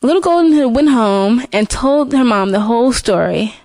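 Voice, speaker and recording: A woman retelling a fairy tale in an unscripted way, with restarts and fillers, lifting her pitch to voice the characters. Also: animated, normal speed, a little mellow, no room sound. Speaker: storyteller.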